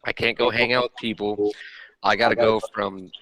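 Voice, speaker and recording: A man's voice: on the low side, flat delivery, moderate pace, sharp tone, poor audio. A man hosting a podcast, talking bluntly and casually and swearing freely. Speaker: podcast host. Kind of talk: candid personal conversation.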